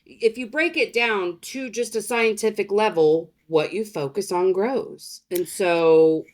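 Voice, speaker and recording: A woman's voice: mid-range voice, slow. A woman guest on a podcast, talking candidly and expressively, swearing freely in casual conversation.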